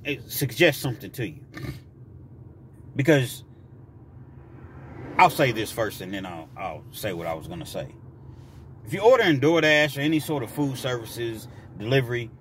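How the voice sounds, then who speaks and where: A man telling a story from his own life in a vlog, talking freely with frequent restarts and jumping into loud, high voices to act out what people said. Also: a little hiss or hum. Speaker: vlogger telling a personal story.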